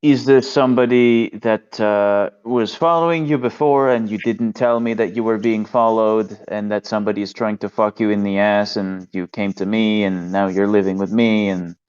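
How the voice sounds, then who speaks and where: A man's voice: on the low side, steady tone, normal speed, few pauses, a little mellow, clean tone. A man playing a tabletop game, blunt and profane, pressing the others with incredulous questions. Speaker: player. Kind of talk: casual tabletop role-play. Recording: dull lo-fi mic.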